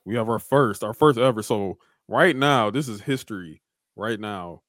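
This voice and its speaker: A man's voice: lowish voice, a little slow, fairly bright tone, no echo, studio quality. A man co-hosting a podcast, ranting in casual chat, swearing heavily and repeating himself. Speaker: podcast co-host.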